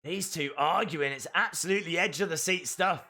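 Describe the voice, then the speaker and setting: A man hosting a live wrestling watch-along, calling the action and breaking into excited shouts. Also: fairly high pitch, a little fast. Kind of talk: live wrestling reaction commentary.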